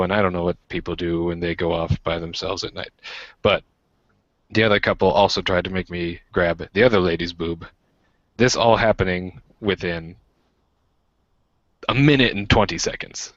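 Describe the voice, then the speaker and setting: Deep-voiced young man telling a story. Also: normal speed, dry recording, dull audio. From United States. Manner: animated, acts out quoted voices with pitch jumps. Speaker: podcast co-host. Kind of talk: casual storytelling chat.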